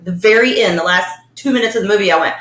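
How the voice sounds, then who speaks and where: A woman's voice: mid-range voice, fast, fairly bright tone, reverberant. A woman chatting casually about films and teasingly telling a story about her partner. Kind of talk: casual film chat.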